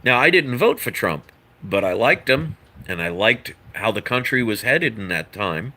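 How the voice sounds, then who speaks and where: Earnest man lecturing in a bright voice. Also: on the low side, big pitch swings, normal speed. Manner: earnest, lecturing, rambling with asides. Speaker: vlogger. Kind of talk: opinion monologue to camera.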